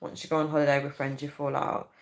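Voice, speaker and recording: A woman's voice: deep voice, completely flat delivery, fast, low-quality recording. A woman in her thirties hosting a casual livestream, rambling chattily and often calling her viewers "guys.". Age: 30s. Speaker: livestream host.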